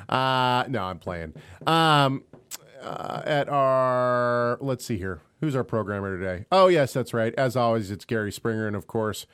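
A man's voice: medium pitch, animated, slow, fairly bright tone, clean tone. A young adult man co-hosting an online radio show, joking and rambling in casual chat and laughing often.

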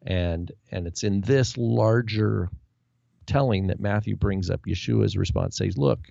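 Low gravelly guy, dark mellow tone, muffled lo-fi audio, restarts a lot while musing on scripture. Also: unhurried, no room sound. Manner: loose and searching, with restarts and trailing phrases. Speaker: co-host of a Bible discussion. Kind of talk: casual scripture discussion.

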